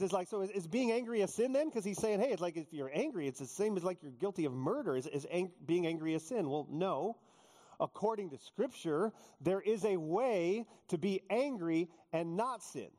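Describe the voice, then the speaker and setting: A male pastor preaching a sermon, joking with the congregation and acting out quotes in animated storytelling. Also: sits high, normal speed. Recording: long hall reverb.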